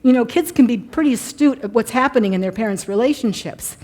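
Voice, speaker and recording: An older woman presenting a couples workshop at a conference, telling lively stories and putting on quick mock voices. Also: a little high. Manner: animated storytelling, mock voices. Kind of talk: conference talk. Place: church conference hall.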